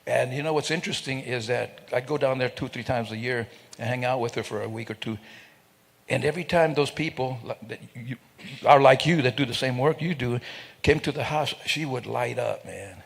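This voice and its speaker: A man's voice: medium pitch, moderate pace, vocal fry. A man giving a speech at an event, joking with the audience and acting out sounds and voices as he tells stories. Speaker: guest speaker. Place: event hall. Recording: long hall reverb.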